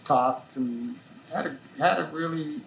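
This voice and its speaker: A man fondly remembering lunches with a friend in an interview, in an unhurried way. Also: fairly high pitch, vocal fry, a bit bright, reverberant, a little hiss or hum, low-quality recording. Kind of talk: reminiscing.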